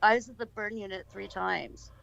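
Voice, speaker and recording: A woman's voice: mid-range voice, steady tone, normal speed, gravelly, fairly bright tone, dull audio. A woman chatting casually on a talk show, asking blunt questions and telling personal stories. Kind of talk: casual chat.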